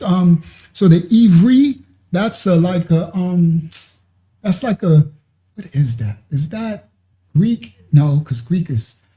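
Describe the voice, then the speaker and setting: Very dark-voiced male preacher. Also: high voice. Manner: rambling, keeps asking "you understand?". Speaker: religious teacher. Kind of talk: live-streamed scripture teaching.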